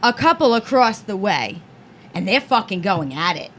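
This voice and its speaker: A woman's voice: medium pitch, sing-song, moderate pace, fairly bright tone, slight background noise. A woman co-hosting a podcast, telling stories in casual chat, blunt and profane. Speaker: podcast co-host.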